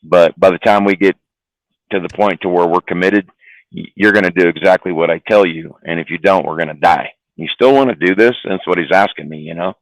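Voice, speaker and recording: Low-voiced trucker telling a profane story. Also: male voice, a little fast, no echo, rough recording. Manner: rambling, profane, repeats words. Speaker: trucker guest. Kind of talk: casual storytelling on a live stream.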